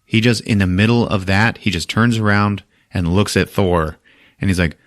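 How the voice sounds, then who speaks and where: A man's voice: lowish voice, normal speed, dry recording, studio quality. A man hosting a podcast, casually recapping a movie in a profane, laughing way. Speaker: podcast host.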